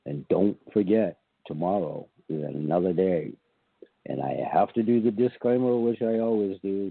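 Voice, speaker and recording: A man's voice: low voice, moderate pace, vocal fry, breathy edge, dry recording. An older man hosting a home-business podcast, chatting casually with corny jokes and then reading devotions and prayers solemnly. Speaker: podcast host selling home-business products. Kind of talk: casual monologue with read-out devotions. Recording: tinny phone-line sound, dry.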